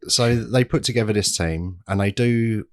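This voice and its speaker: A man's voice: fairly low pitch, normal speed, no room sound, clean studio sound. A man co-hosting a film podcast, talking in a blunt, sweary and sardonic way. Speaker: podcast co-host. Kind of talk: casual film chat.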